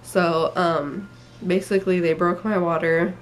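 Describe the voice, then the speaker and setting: A young woman talks to camera in a loose, rambling vlog. Her voice sits a little low, and she sounds tired and emotional, with many fillers as she goes. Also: flat delivery, unhurried. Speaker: vlogger. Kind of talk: casual personal story.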